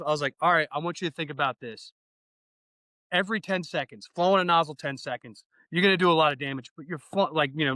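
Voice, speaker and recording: A man's voice: fairly high pitch, bright, forceful tone, no echo, low-quality recording. A man in his thirties, a fire training instructor, talking enthusiastically and casually as a podcast guest, acting out conversations. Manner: enthusiastic, slangy, acts out dialogue.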